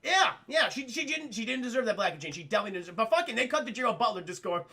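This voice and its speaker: A man's voice: very high voice, very animated, very fast, pushed and bright, slight background noise. A man giving a casual, profane film review to a live chat, laughing often.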